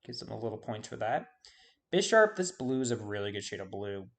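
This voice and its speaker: A man's voice: on the low side, big pitch swings, fairly quick, vocal fry. A man giving casual video game commentary, rambling and forgetting names with self-deprecating asides. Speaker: YouTube host.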